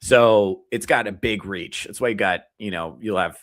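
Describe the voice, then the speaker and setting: A man in his thirties with a lowish voice, talking loosely to his live chat like a comedian on a late-night stream. He rambles, swears freely and drops into quick mock quotes to make his point. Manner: profane, rambling and animated, breaking into mock quotes. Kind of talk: casual rant to a live chat.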